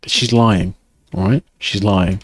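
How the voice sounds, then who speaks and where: A man's voice: fairly low pitch, steady tone, takes it slowly. Male game streamer, casual crude banter, reads chat aloud.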